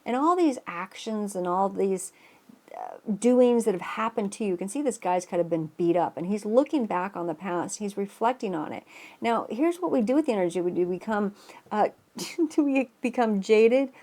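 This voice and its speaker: A woman's voice: medium pitch, expressive, moderate pace, warm tone. A woman tarot reader explaining astrology in a casual, rambling way, with many restarts and an earnest tone. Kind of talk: casual spoken astrology reading.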